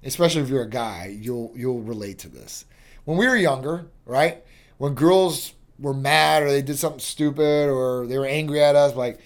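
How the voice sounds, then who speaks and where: A man hosting a clinic talk show, explaining health matters in a casual, chatty way that keeps checking in with "right?" and "you know". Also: medium pitch. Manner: chatty, repeats "you know" and "right?", acts out quick exchanges. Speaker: host of a medical clinic show.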